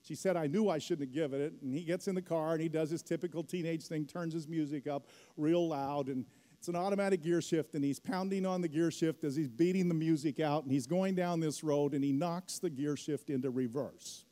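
A man's voice: fairly high pitch, brisk, mellow. A middle-aged man preaching a sermon as pastor, telling a story and rising to emphatic peaks. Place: church hall. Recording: long hall reverb.

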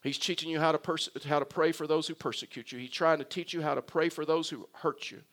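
A man's voice: fairly high pitch, steady tone, fast talker, a bit bright. A man preaching a sermon, speaking earnestly and repeating phrases as he addresses the congregation. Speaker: pastor.

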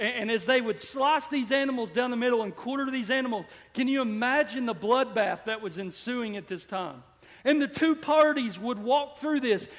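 Male pastor, very high voice, sermon with big volume swings, echoing hall. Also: a bit bright. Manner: preaching with sudden swells and drops in volume. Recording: long hall reverb.

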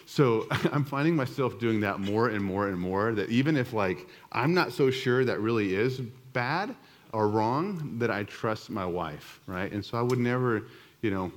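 A middle-aged man giving a conversational church teaching, telling a self-deprecating personal story with many restarts. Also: fairly low pitch.

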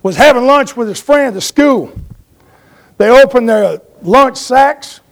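A man's voice: extremely high pitch, animated, slow pace. A man preaching a sermon in a folksy way, telling stories and asking his congregation for an amen.

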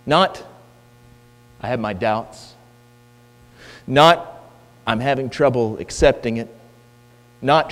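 A man's voice: medium pitch, takes it slowly, pauses often, fairly bright tone. A man preaching a sermon, emphatic and full of rhetorical questions, in a church hall. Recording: long hall reverb with mains hum.

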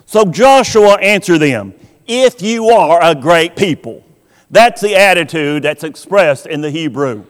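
A man preaching a sermon, slow and emphatic, acting out the voices he quotes. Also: a little high, animated. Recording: long hall reverb.

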